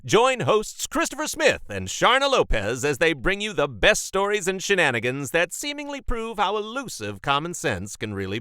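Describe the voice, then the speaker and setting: Showy, bright-voiced male announcer. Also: a little high, no room sound, studio quality. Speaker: show announcer. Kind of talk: scripted promo intro.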